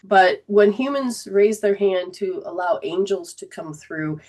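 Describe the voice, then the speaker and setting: A woman's voice: medium pitch, measured pace, darkish tone. A middle-aged woman hosting a spiritual healing show, telling a personal story with feeling and choking up as she goes. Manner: emotional, chokes up and laughs through tears while telling a story. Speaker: host.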